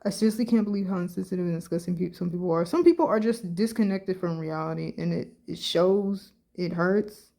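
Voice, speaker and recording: A woman's voice: fairly low pitch, a little fast, vocal fry, hardly any pauses, mellow. A woman vlogging casually as she reads social media posts aloud and reacts bluntly, with plenty of slang and swearing. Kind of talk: casual reaction vlog, reading comments aloud.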